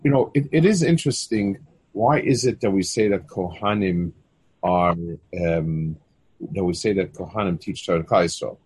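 Man, low hoarse voice, Torah text lesson, stop-start delivery with many repeated words, Hebrew terms mixed into English. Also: moderate pace, darkish tone. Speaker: Torah teacher. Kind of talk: halting text study lesson.

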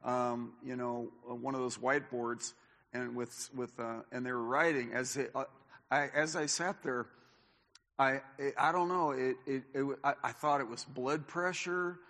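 A man's voice: mid-range voice, a little slow. A male pastor preaching a sermon in a church, telling personal stories, acting out what people said, with many restarts. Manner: animated storyteller, acts out quotes, many restarts. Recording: long reverb of a church hall.

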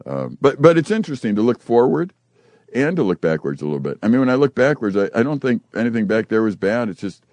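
An older man hosting a casual chat, telling animated stories and acting out the quotes. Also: medium pitch, fast talker, no room sound. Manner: animated storyteller who acts out quotes.

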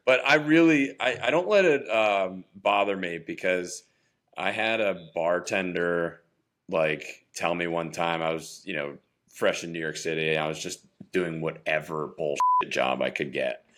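A man's voice: low voice, a little slow, a bit bright. A man in his thirties, an actor from New Jersey, telling stories in an upbeat, chatty way on a podcast. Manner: upbeat, chatty storyteller with fillers. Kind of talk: casual interview storytelling.

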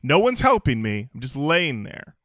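A man hosting a podcast, telling stories in a jokey, animated way. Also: mid-range voice, moderate pace, no room sound, clean studio sound. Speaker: podcast host. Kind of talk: casual podcast chat and storytelling.

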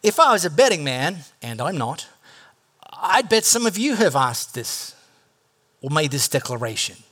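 A pastor delivers a sermon with a high, bright voice that stays casual and conversational. He tells the story with animated asides and little jokes, slipping into quoted voices for the people in it. The pace is relaxed, like talking to a friend. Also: normal speed.

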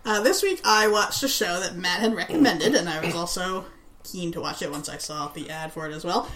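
A woman co-hosting a podcast, chatting in a relaxed way and laughing often. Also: fairly low pitch, fairly quick, a loud crowd. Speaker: podcast co-host. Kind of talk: casual chat.

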